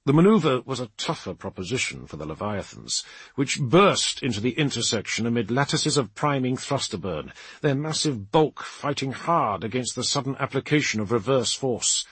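A man narrating an action audiobook in a dramatic, lively reading. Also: mid-range voice, moderate pace, breathy edge, no echo. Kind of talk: scripted narration.

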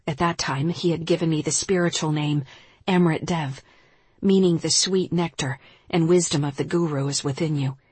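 A woman who teaches yoga, reading her spiritual nonfiction aloud in a calm, measured, reflective way. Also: low voice, slightly rough, no room sound.

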